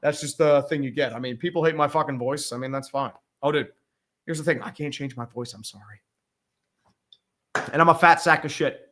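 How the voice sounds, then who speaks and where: A man's voice: fairly high pitch, brisk, fairly bright tone. A man hosting a casual sports livestream, talking in a blunt, rambling, profanity-heavy way. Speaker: podcast host.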